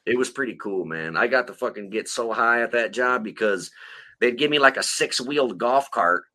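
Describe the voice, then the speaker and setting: Bright-voiced man swearing through stories. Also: mid-range voice, animated, normal speed. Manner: rambling, heavily profane storytelling. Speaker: podcast co-host. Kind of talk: casual chat.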